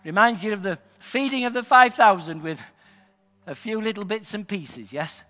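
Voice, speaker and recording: A male pastor from Northern England preaching a sermon in a church hall, emphatic and building to loud, shouted declarations. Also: high-pitched, moderate pace. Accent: Northern English. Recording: long hall reverb.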